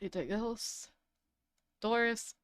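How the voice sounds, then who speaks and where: A woman's voice: fairly high pitch, slow, no room sound. A woman streamer reading a game's text aloud with casual, wry asides into a close microphone. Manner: casual, wry asides between read lines.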